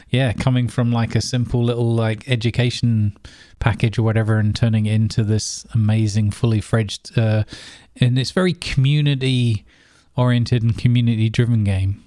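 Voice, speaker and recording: A man's voice: on the low side, a little mellow, no room sound, studio quality. A man co-hosting a casual gaming podcast, rambling along with lots of fillers and restarts. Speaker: podcast co-host.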